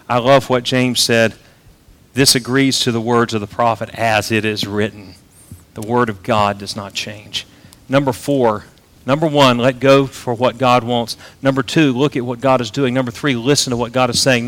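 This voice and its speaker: A man preaching a sermon, rising to loud emphatic peaks and dropping to soft, low asides.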